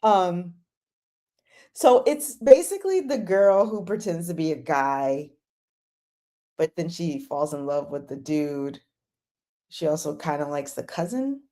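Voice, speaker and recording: Animated woman hosting a drama chat. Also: low voice. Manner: animated, gushing and exasperated, acts out her own reactions. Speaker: live chat host. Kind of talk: casual chat.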